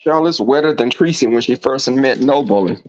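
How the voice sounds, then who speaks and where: A man's voice: medium pitch, moderate pace, dry recording. A man hosting a casual livestream chat, telling profane, campy stories to his viewers from home. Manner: animated, profane, campy storytelling. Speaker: livestream host. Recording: dull lo-fi dry sound.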